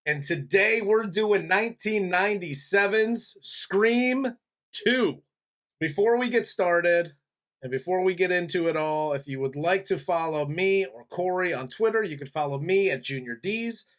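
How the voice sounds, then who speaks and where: A man in his forties hosting a casual movie review chat, easygoing and quick to laugh. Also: high-pitched, fairly bright tone. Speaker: podcast host.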